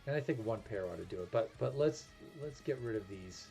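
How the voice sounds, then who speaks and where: New England man, low voice, relaxed self-deprecating stream chatter over clear background music. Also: fairly quick. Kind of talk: casual gameplay commentary. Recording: music playing behind.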